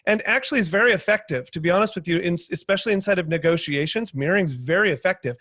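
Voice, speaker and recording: A man on a panel video call, explaining sales techniques in lively conversational talk and acting out quotes. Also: high voice, rapid-fire, no room sound. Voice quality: animated storyteller, acts out quotes loudly.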